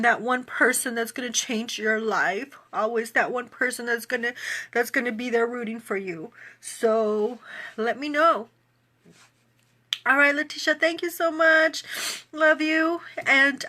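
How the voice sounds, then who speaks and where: A woman's voice: fairly high pitch, sharp tone. A woman fitness coach speaking to viewers in a casual live video chat, emotional, tearful and laughing as she talks.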